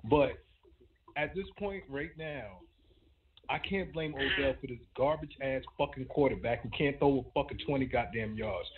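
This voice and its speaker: A man calling in to a show, ranting furiously and cursing nonstop. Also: medium pitch. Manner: furious, profane, fast-talking. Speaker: caller. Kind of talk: angry call-in rant. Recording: tinny phone line.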